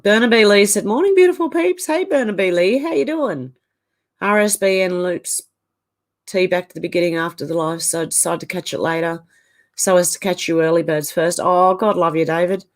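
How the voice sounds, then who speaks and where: A middle-aged woman hosts a livestream in a casual chat, reading out viewer comments and reacting to each one with quick opinions. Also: fairly low pitch. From Australia. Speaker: livestream host.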